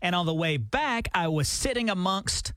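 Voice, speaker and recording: A man's voice: high-pitched, moderate pace, no echo. A man co-hosting a morning radio show, telling jokey stories in casual banter. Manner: animated storytelling, jokey. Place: radio studio.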